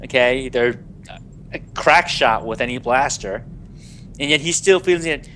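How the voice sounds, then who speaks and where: A man co-hosting a casual gaming podcast, lively and animated, with incredulous asides and laughter. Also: medium pitch, measured pace, slight background noise. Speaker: podcast co-host.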